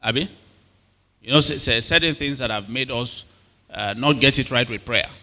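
A man's voice: mid-range voice, moderate pace, sharp tone. A man with a Nigerian accent preaching a sermon, often questioning and calling back to his congregation. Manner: call-and-response questions to the congregation. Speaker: pastor. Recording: long hall reverb.

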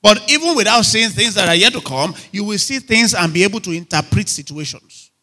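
A man's voice: high-pitched, lively intonation, a little fast, pushed and bright. A man preaching a sermon, emphatic and repetitive, often checking whether his listeners are still with him. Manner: emphatic, repeats phrases, asks the audience if they are still there.

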